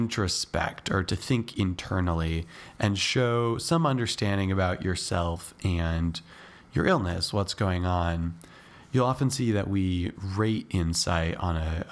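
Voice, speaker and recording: A man with a cold and a congested voice, co-hosting an educational psychiatry show and explaining ideas step by step in a casual, thoughtful way. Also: low voice. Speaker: podcast co-host teaching psychiatry.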